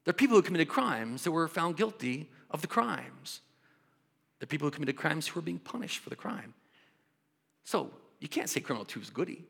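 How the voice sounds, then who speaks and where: A man preaching a sermon in an animated way, shifting from loud bursts to quiet asides. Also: a little high, moderate pace, vocal fry, pauses often, slightly rough. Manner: animated, acts out voices, swings from loud to soft. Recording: long hall reverb.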